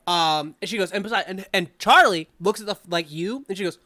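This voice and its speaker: A woman's voice: mid-range voice, fairly quick, hardly any pauses, pushed and bright. Rambling female game master, full of fillers. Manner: loose, rambling, many fillers and laughs. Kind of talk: narrating a tabletop game.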